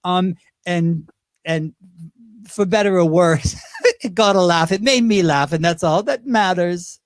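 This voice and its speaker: In an unhurried voice that sits high, a drag and impersonation performer chats through stories in a relaxed interview. The recording is dry and clean studio sound, and he stays lively, dropping into character voices along the way.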